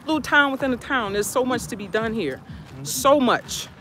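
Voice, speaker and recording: A woman's voice: on the high side, animated, normal speed, sharp tone. A woman who is an educator, talking earnestly and from the heart in a casual outdoor live stream.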